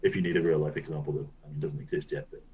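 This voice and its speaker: A man with a deep, low-pitched voice co-hosts a gaming podcast. He talks in a loose, rambling way and swears casually as he explains things. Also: fairly even intonation, racing, dark tone, slight background noise, rough recording. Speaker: podcast co-host.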